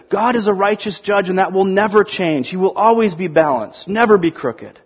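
High, husky-voiced male preacher. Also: moderate pace, few pauses, dull audio. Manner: animated storytelling, acts out quotes. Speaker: pastor. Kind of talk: sermon.

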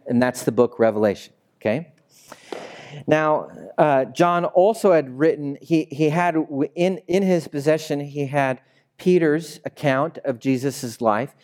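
In a church sanctuary with a congregation, a young adult pastor gives a conversational, jokey sermon. His mid-range voice has a darkish tone, and he pulls the crowd into call-and-response.

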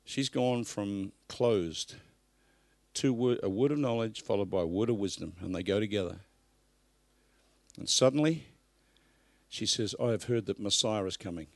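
A man's voice: fairly low pitch, normal speed, no echo. Emphatic male preacher, dry close sound. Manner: emphatic, swings from loud bursts to hushed asides. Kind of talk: live sermon. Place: church service.

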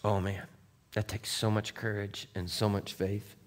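A man pastor delivering a conversational sermon, dropping to a hush and then rising to emphatic points while asking his listeners direct questions. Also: on the low side, level tone, unhurried, big-room sound. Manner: conversational, swings between hushed and emphatic; asks the congregation direct questions.

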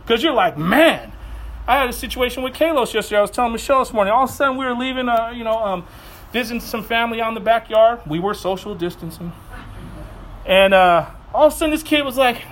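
A man in his thirties preaching a sermon, earnest and animated, telling family stories with quick asides. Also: very high-pitched, a little hiss or hum. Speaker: pastor.

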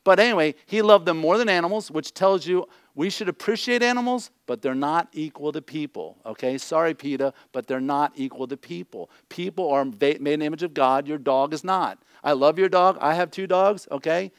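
A man's voice: on the high side, brisk, few pauses, clear, resonant tone, no echo, clean studio sound. A middle-aged man preaching a conversational sermon, blunt and joking, often checking in with his listeners. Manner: blunt, joking asides, repeats "okay?". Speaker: pastor.

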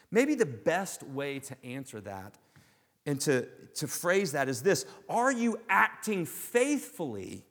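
Animated male pastor preaching in a reverberant hall. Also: high-pitched. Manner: animated preaching, rhetorical questions, swings from loud to hushed. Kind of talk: sermon.

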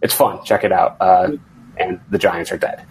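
A man hosting a casual fantasy football podcast chat as league commissioner, rambling with halting restarts. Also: low voice, steady tone, breathy edge, poor audio.

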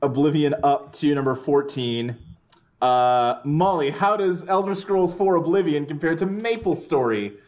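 A man's voice: a little high, measured pace, darkish tone. A man hosting a podcast who talks in a casual, rambling way and laughs often. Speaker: podcast host. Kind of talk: casual chat.

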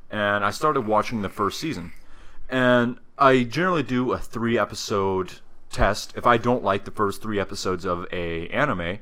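A man co-hosting a podcast, telling anecdotes in casual chat with a teasing, deadpan manner. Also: fairly low pitch, moderate pace. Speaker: podcast co-host.

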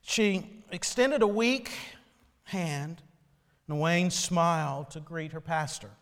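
A male pastor delivering a sermon, telling a story slowly and solemnly. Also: a little high, big-room sound.

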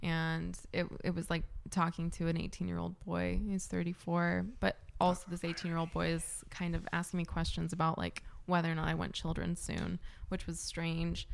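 A woman's voice: fairly low pitch, level tone, moderate pace, gravelly, hardly any pauses. A woman guest on a casual podcast, telling a story in a blunt, profane, storytelling manner. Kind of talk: casual chat.

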